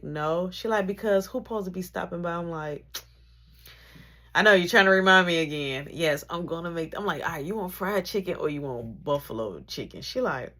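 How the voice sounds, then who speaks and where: A woman telling a long personal story, acting out each person in it and swinging between hushed asides and loud outbursts. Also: lowish voice. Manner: lively, acts out every character in the story, swings from hushed to loud. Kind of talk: animated storytelling.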